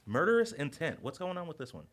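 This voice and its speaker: Male host, casual preview talk; lively intonation, upbeat, laughs often. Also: a little high, fast talker. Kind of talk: casual game preview discussion.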